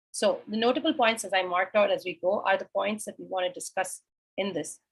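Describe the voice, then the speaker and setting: Husky woman teaching a scripture class. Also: mid-range voice, moderate pace, low-quality recording. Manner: asks and answers her own questions. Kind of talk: explaining a sacred text verse by verse.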